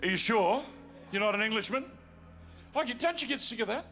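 A man's voice: high-pitched, animated, brisk, pushed and bright, faint music behind. A man with an Australian accent, a guest pastor joking with a congregation in a jovial, teasing way before preaching. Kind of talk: sermon opening with banter. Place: large church auditorium with congregation. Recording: live church recording with crowd noise. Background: congregation noise.

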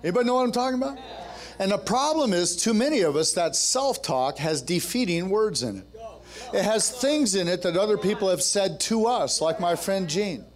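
A man's voice: sits high, expressive, normal speed. A man preaching a sermon at a men's gathering, telling a story and then building to fervent, rousing exhortation with joking, conversational asides.

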